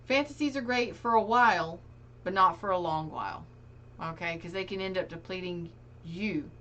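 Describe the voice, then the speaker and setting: A woman's voice: fairly low pitch, moderate pace, sharp tone, muffled recording. A woman giving a casual tarot reading, speaking earnestly and directly to her viewers. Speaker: tarot reader.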